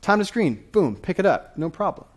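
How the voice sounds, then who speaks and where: A man in his thirties giving a lively conference talk from a stage, often asking the audience questions. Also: sits high, moderate pace. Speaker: conference speaker.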